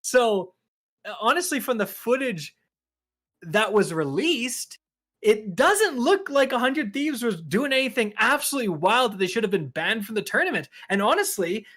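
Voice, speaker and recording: A man's voice: very high voice, normal speed. A man co-hosting a gaming podcast, telling stories animatedly and acting out quotes. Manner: animated storytelling, acts out quotes. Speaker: podcast co-host. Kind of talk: casual gaming podcast chat.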